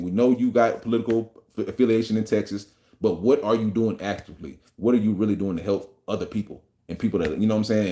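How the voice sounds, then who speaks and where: A man's voice: fairly low pitch, warm tone. A man hosting a podcast, ranting in a profane, combative and mocking way about politics. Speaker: podcast host. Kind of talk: opinion rant on a podcast.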